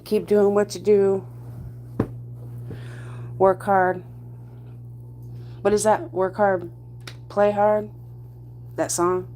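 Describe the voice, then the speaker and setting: A woman's voice: medium pitch, level tone, very slow, pauses often, warm tone, a little hiss or hum. A woman hosting a casual livestream, greeting viewers by name, laughing often and mimicking others in quotes. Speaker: livestream host. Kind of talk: casual live-stream chat with viewers.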